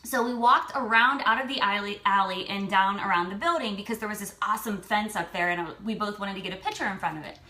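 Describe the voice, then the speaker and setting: A woman's voice: medium pitch, quick pace, hardly any pauses, pushed and bright, reverberant. A woman telling a personal story in a chatty way, repeating details for effect, as a self-help author.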